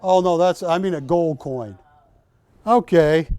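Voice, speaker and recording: A man's voice: a little high, measured pace, dark tone, clear, resonant tone, dry recording. An older man hosting a live shopping show, joking with staff and urging callers on. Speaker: shopping channel host. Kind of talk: live TV sales pitch. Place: TV studio.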